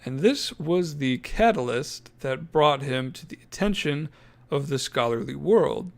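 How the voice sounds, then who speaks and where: A man's voice: on the high side, lively intonation, a little slow, vocal fry. Joking man reading notes on a podcast. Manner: jokey, self-deprecating, laughs mid-sentence. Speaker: podcast co-host. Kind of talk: casual podcast chat, reading notes aloud.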